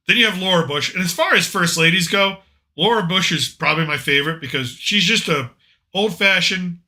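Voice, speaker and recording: Bright-voiced, opinionated male podcast host. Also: a little high. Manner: opinionated, joking, rambling. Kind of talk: casual political chat.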